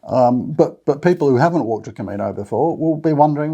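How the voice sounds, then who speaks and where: A man's voice: mid-range voice, animated, fairly quick, hardly any pauses, warm tone, slightly rough. An Australian man hosting a walking-trip channel, chatting casually to camera in a rambling way with many fillers and restarts. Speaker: Camino walking channel host. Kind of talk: casual talk to camera with notes.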